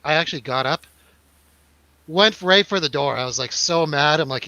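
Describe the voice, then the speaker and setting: A man's voice: fairly high pitch, normal speed, long pauses, sharp tone, no echo, rough recording. A young man on a podcast, telling a story in casual chat, acting out quotes and swearing freely. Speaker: podcast co-host.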